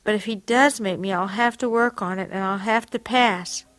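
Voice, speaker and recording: A woman's voice: mid-range voice, normal speed, fairly bright tone, dry recording. A woman reading aloud from a personal diary in an earnest, confessional, reflective way.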